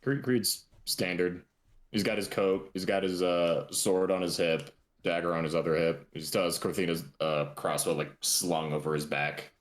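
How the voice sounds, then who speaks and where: A man's voice: deep voice, fairly even intonation, normal speed. A man playing his character in a tabletop game, speaking in a formal, wry way. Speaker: player.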